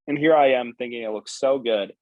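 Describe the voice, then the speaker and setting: A man's voice: medium pitch, brisk, dry recording, lo-fi sound. A man in a casual podcast chat, telling a story animatedly and swearing casually.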